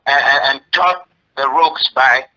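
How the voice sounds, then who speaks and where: A man's voice: medium pitch, a little slow, sharp tone, poor audio. A man from Ghana giving a brash, blustery in-character interview as a wrestling personality, tagging nearly every phrase with "all right?".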